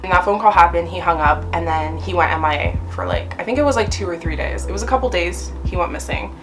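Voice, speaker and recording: A young woman spills a breakup story in a casual vlog, filling it with "like" and curse words. She sounds a little high and talks in a lowish voice. Music plays clearly behind her. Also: very animated, fast talker. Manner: chatty, swearing, many fillers. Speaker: vlogger.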